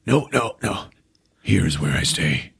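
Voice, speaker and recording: A man voicing a dying male warrior who speaks a calm, resigned farewell in a soft, low, hushed voice. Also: a little slow, creaky, slightly rough, heavily acted.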